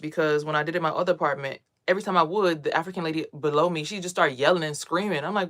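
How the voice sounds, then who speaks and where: A young adult woman, a spiritual vlogger, talking casually and bluntly to camera with lots of swearing, getting louder as she gets worked up. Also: lowish voice, fast talker, hardly any pauses. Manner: blunt, profane, ranting; animated, swings louder when worked up.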